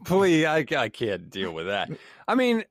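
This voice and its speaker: A man's voice: medium pitch, wildly swooping pitch, unhurried. A man co-hosting a sports podcast, ranting in exasperation and swearing freely. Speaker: podcast co-host. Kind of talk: heated sports podcast rant.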